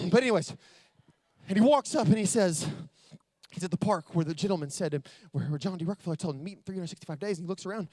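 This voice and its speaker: A man giving a motivational keynote at a business convention, telling stories that build to loud excitement. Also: high-pitched, fast talker, no echo. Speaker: motivational speaker. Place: convention stage.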